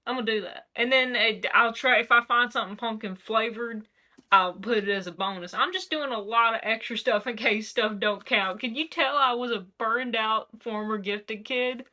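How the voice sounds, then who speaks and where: A woman's voice: on the high side, moderate pace, sharp tone. Chatty young Tennessee woman. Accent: Tennessee Southern. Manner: chatty, self-mocking, rambling asides. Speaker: book vlogger. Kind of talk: casual vlog chat. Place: home kitchen.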